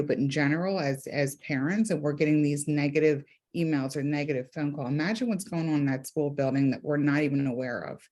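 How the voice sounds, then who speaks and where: A woman's voice: low voice, a little mellow. Woman, counselor, earnest, emphatic, repeats phrases for emphasis, video call audio. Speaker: counselor and therapist. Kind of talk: casual group video call.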